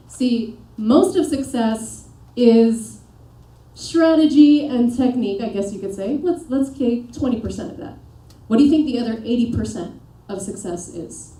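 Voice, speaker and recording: A fairly high-pitched woman leading a motivational seminar, rallying the crowd with questions and quick commands. Her voice has a mellow, soft-edged tone. It sounds distant and echoey, picked up from across a reverberant room. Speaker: peak performance coach. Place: seminar room with a live audience.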